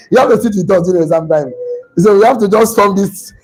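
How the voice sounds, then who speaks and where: A man lecturing a class, animated, repeating himself and putting questions to the room. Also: sits high, brisk, slightly rough, faint music behind, poor audio.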